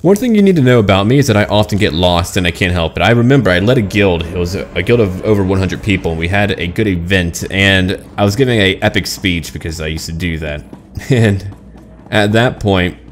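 A man's voice: low-pitched, animated, a little fast, soft background music. A man casually commenting on his online role-playing game, chatty and self-mocking about getting lost. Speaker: gaming channel host.

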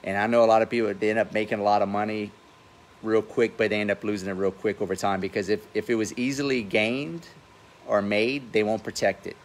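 A man's voice: lowish voice, fairly even intonation, brisk. A man in his forties giving blunt, profane business advice in a casual livestream talk, outdoors by his pool. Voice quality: says he has a funny accent. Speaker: real estate investor and host.

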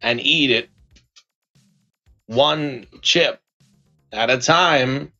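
A man doing an impression of an older male film star, speaking slowly with odd pauses between words. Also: mid-range voice, sharp tone, highs cut off, faint music behind, heavily acted. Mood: deadpan.

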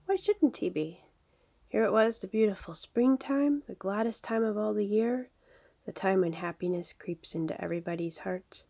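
A woman narrating a storybook in a gentle, half-whispered reading style. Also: medium pitch, animated, normal speed, creaky, husky. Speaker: reader.

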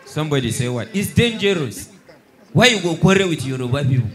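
A young Nigerian man doing stand-up comedy, mixing Pidgin and English and shouting his punchlines. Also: fairly high pitch, very animated, a little fast.

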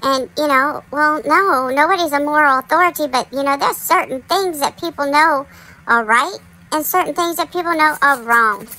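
A woman's voice: high voice, normal speed, bright, forceful tone, rough recording. A woman hosting a casual commentary monologue, chatty and talking straight to her viewers. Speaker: commentary channel host.

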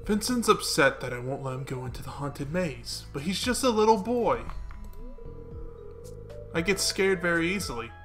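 A man reading the lines of a timid, caring mother in a farming game, gentle and plain. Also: fairly high pitch, very animated, normal speed, faint music behind.

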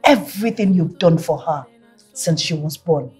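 A woman's voice: lowish voice, normal speed, a little mellow, slightly rough, faint music behind. An actress with a Nigerian accent playing an overprotective, anxious mother who pleads and insists. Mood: pleading. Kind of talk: film drama acting.

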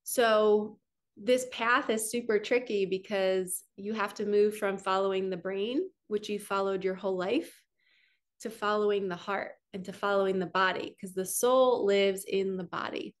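A woman's voice: medium pitch, steady tone, a little slow. A middle-aged woman, a spiritual coach, giving an earnest, flowing teaching monologue with lots of repetition.

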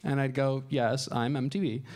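On a comedy show stage, a thirtysomething man tells stand-up stories in a crude, deadpan manner, putting on voices for whoever he quotes. His pitch is medium and his pace moderate.

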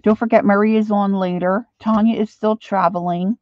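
A woman's voice: medium pitch, fairly even intonation, normal speed, no room sound, dull audio. A woman with a Philadelphia accent, chatting in a rambling, friendly way as she wraps up an art journaling livestream. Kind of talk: casual chat.

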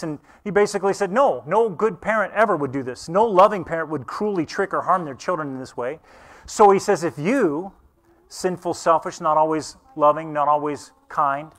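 A middle-aged pastor preaching a sermon with a somewhat high voice. He talks with lively animation and slips into little character voices as he tells stories. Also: moderate pace.

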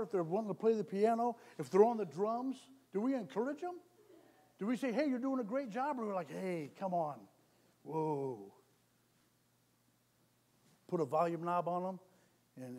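A man preaching a sermon in a church, repeating his points, calling for amens and building to loud exhortation. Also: high-pitched. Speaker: lay preacher. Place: church sanctuary.

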